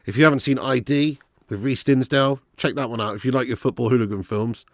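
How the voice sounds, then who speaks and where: A man hosting a live football watch-along, chatting casually and reading viewer comments. He is animated, swears freely and laughs often. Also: mid-range voice, fast talker, dry recording, studio quality.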